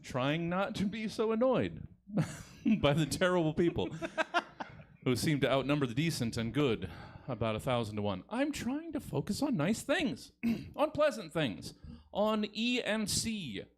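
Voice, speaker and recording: A male comedy host with a wildly swinging, animated pitch that jumps up and down as he talks. He laughs often as he leads the show, his voice sitting a little above the middle. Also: a little slow.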